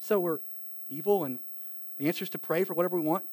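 A man from eastern North Carolina with a local accent, preaching a sermon in a conversational way, with lively asides and acted-out quotes. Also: sits high, fast talker, pauses often, dry recording. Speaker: pastor.

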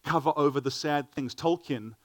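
A man's voice: a little high, normal speed, dry recording. A middle-aged man preaching a sermon, earnest, often repeating words as he starts a phrase.

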